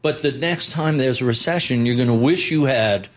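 A man's voice: mid-range voice, moderate pace. A man being interviewed as an investor guest, blunt and emphatic, building his points with lists. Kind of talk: interview conversation.

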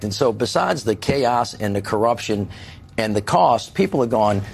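A man's voice: on the low side, lively intonation, measured pace, gravelly, a little mellow. A man speaking as a political guest on a panel show, folksy and emphatic, acting out the voices of ordinary people.

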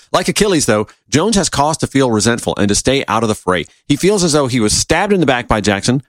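Sarcastic man hosting a talk show. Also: no echo. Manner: sarcastic, animated asides with sudden pitch jumps. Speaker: radio talk show host. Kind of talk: political commentary, reading and reacting to a column.

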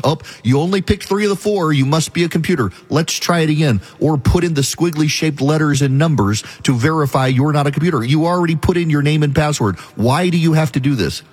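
A man hosting a talk radio show delivers an opinionated monologue straight to his listeners, arguing his case briskly. His voice is medium-pitched and a little mellow, with a breathy edge.

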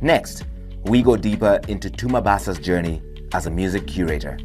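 A male interviewer asking brisk questions, sometimes in a teasing tone. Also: low voice, expressive, darkish tone, faint music behind.

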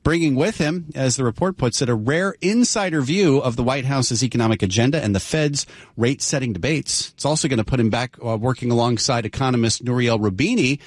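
A man co-hosting radio business news in a relaxed, conversational way. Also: mid-range voice, brisk, no room sound, studio quality. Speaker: news anchor.

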